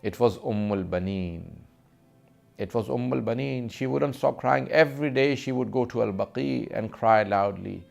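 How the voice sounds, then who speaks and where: A man's voice: mid-range voice, moderate pace, gravelly, a little mellow, faint music behind. A man delivering a mournful sermon, recounting a lament in a grieving, heartfelt tone. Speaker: speaker.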